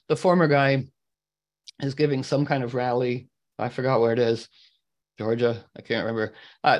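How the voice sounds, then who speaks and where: Male host, mid-pitched, rambling storyteller who keeps clearing his throat. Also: low-quality recording. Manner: meandering, clears throat often. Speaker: astrology talk host. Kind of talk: storytelling to a group.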